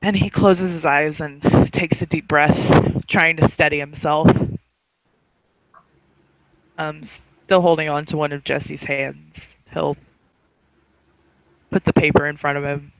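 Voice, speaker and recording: A man narrating a role-play scene in a halting way, with fillers and restarts. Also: on the high side, fairly even intonation, fairly bright tone, dry recording, rough recording. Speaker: role-player.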